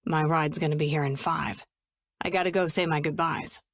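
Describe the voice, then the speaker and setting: A woman voicing a gruff, guarded young man who talks low and blunt, clipped and swearing. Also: fairly even intonation, normal speed, no room sound, clean studio sound. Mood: tense, guarded.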